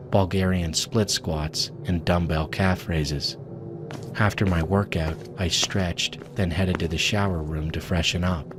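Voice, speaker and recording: Deep-voiced male horror narrator. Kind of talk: scripted horror story narration. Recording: voice-over with music behind.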